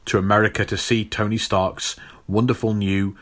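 A man's voice: lowish voice, flat delivery, normal speed, fairly bright tone. A man hosting a casual chat, retelling a comic book story in a rambling way with many fillers.

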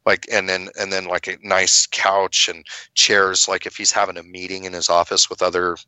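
Middle-aged guy with a low, bright voice, animated storytelling, dry close sound. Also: moderate pace, clean tone, no echo. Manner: animated storyteller, acts out quoted voices, swears freely. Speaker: guest telling his story. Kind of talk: casual storytelling chat.

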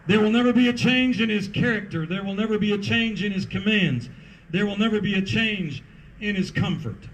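A man's voice: sits high, fairly quick, fairly bright tone, a little hiss or hum, poor audio. A man preaching a sermon as pastor at an outdoor parking lot service, emphatic and rhythmic with repeated refrains.

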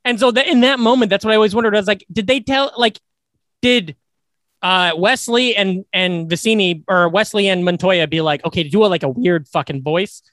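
Young guy on a movie podcast, high bright voice, dry close mic, acts out quotes. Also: fairly quick, no room sound. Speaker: podcast co-host. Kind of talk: casual movie chat.

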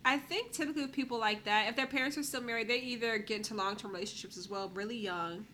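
A woman's voice: on the high side, fast talker, pushed and bright, a little hiss or hum. A woman, chatting casually as a podcast co-host and acting out the people she quotes in a recap. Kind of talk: casual chat.

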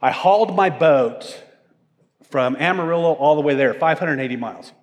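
Man, pastor, sermon, self-mocking storyteller, fairly high voice, reverberant sanctuary. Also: moderate pace. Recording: long hall reverb.

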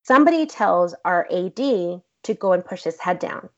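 A woman and actress, the guest in an interview, telling a story in a blunt, profane, animated way. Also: on the low side, normal speed. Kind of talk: casual storytelling. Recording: dull lo-fi recording.

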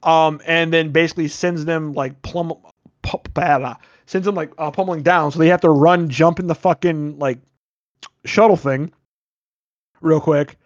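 A man with a slightly high voice rambles through a movie plot on a podcast, leaning on fillers and dropping the odd casual swear. The sound is dry and a little dull, with no room echo. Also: fairly even intonation, moderate pace. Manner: rambling, filler-heavy retelling with frequent "like". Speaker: podcast host.

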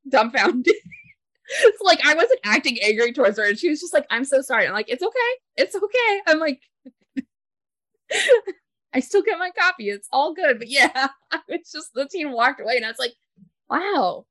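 A woman co-hosting a casual chat, retelling a story in a chatty way with laughter and halting restarts. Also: high voice, lively intonation, a bit bright, dry recording. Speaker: podcast co-host.

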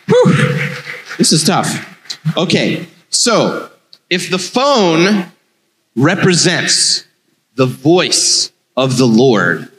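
A man's voice: a little high, a bit bright. A man, a rabbi, giving a playful children's sermon and asking the children questions. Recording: long hall reverb.

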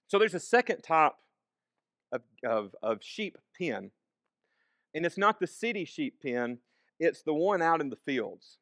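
Conversational man preaching, slightly high. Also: lively intonation, normal speed, fairly bright tone, dry recording. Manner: reads scripture then explains it conversationally. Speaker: pastor. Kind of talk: sermon.

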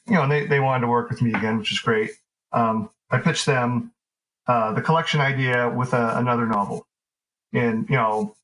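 A man being interviewed as an author, talking in a relaxed, rambling way with lots of fillers and restarts. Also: medium pitch, poor audio. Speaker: author guest. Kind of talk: casual interview conversation.

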